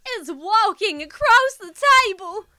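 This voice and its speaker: A woman's voice: very high-pitched, lively intonation, unhurried, sharp tone, dry recording, soft background music, voice pushed up, exaggerated voice. A woman voicing a frantic female customer from the American South, with a thick Southern Alabama accent, almost screaming. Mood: panicked.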